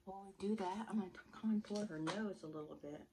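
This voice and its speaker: A woman's voice: mid-range voice, fast talker, background noise. A woman chatting casually while she does a makeup look, rambling and self-deprecating. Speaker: makeup artist.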